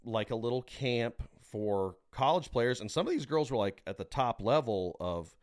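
A man co-hosting a casual podcast who tells his stories with animated energy and a lot of swearing. His voice sits in a middle register for a man, plain and conversational. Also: mid-range voice, normal speed. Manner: animated, profane storyteller. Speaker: podcast co-host. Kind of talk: casual storytelling chat.

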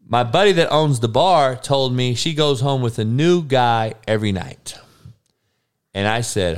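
A man's voice: mid-range voice, a little slow, smooth. A man in a crude, heated casual rant, swearing constantly.

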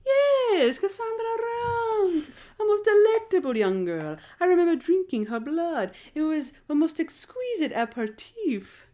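A woman's voice: very high-pitched, sing-song, measured pace, dark tone, voice pushed up, full character voice. A woman putting on the voice of a suave, theatrical male vampire from a TV show, drawing out and relishing each word.

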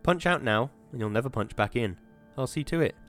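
A man voicing a loud, taunting male factory foreman who barks his orders. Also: mid-range voice, expressive, a little fast, faint music behind, natural voice. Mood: bossy.

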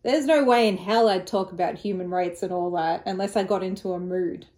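A woman's voice: on the low side, a little fast, echoey room, a loud crowd. A woman co-hosting a podcast, rambling through stories in casual chat, laughing often and swearing freely. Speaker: podcast co-host.

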